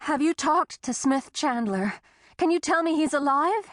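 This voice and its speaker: A frightened young woman with a tense, breaking voice, as a woman narrator reads her, pleading slowly and earnestly to be believed. The delivery is unhurried and the sound close and dry. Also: high voice, lively intonation, no room sound, pitched above the performer's own voice.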